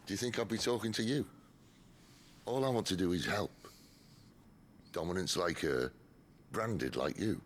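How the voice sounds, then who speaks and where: An actor playing a wry middle-aged outlaw leader in a video game, easygoing and dry. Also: male voice, lowish voice, slight background noise. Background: game music.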